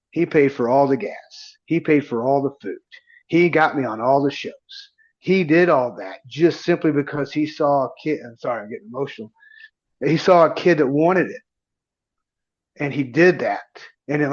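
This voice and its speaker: A man's voice: mid-range voice, muffled recording. A man in his forties, a guest on a podcast, telling stories casually and acting out the dialogue he recalls. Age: 40s. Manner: animated storyteller who acts out quoted dialogue. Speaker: guest, independent pro wrestler. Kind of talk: casual storytelling in a podcast interview.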